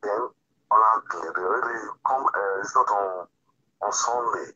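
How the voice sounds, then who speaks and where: A man's voice: lowish voice, takes it slowly, bright, forceful tone, husky. A man talking on a phone call, rambling and repeating himself. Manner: rambling, repeats words and restarts. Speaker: iPad owner on a phone call. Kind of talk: casual phone conversation. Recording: tinny phone line.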